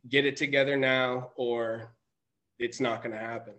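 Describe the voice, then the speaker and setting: A man's voice: medium pitch, flat delivery, moderate pace, a bit bright. A man telling a personal story as a podcast guest, rambling with many restarts and self-corrections. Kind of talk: casual storytelling.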